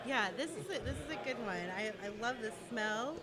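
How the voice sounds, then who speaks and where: A woman's voice: a little high, brisk, a crowd in the background. A woman on a tasting panel, chatting about beers in a bubbly way. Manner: bubbly, laughs easily. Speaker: taster. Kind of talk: casual tasting chat.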